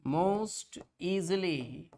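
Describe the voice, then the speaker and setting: Slow, repetitive teacher. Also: male voice, high voice, lively intonation, warm tone. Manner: repetitive, drills points, keeps calling the students kids. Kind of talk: online exam-prep lecture.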